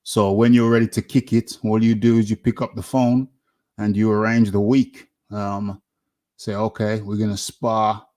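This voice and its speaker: A man hosting a casual boxing talk show, speaking haltingly with many fillers and restarts. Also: fairly low pitch, little pitch movement, darkish tone.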